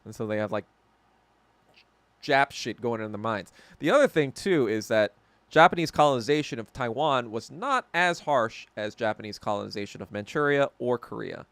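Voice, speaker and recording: A man's mid-range voice, animated and slightly bright, moves at a moderate pace with no room sound. He's a podcast host delivering a casual, profane, heated rant, rambling through his monologue and correcting himself frequently.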